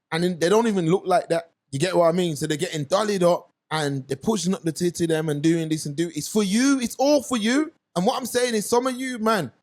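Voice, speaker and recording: A young man with a London accent, hosting a casual talk show and telling stories in animated slang. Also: high-pitched. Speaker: podcast host. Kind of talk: casual commentary chat.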